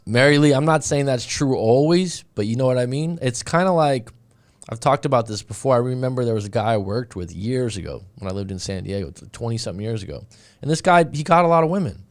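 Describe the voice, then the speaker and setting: A man's voice: mid-range voice, lively intonation, fast. A man hosting a casual live stream as a dating coach, speaking, rambling with frequent restarts and asides as he reads viewer comments.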